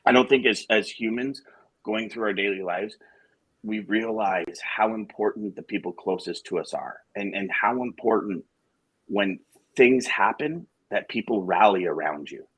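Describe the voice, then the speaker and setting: A man's voice: fairly low pitch, moderate pace, fairly bright tone, slightly rough, no room sound, poor audio. A man co-hosting a live show, talking to listeners frankly and with emotion, with blunt swearing and jokes. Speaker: co-host of a live sales morning show. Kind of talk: candid casual talk to listeners.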